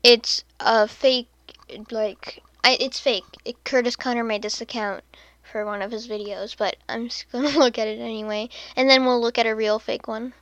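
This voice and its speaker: Woman podcast host, slightly high voice, unhurried sardonic delivery, giggles and quiet mutters, dry close sound. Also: fairly even intonation, no echo, highs cut off. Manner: sarcastic, laughs often, drops into soft muttered asides. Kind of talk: casual podcast commentary.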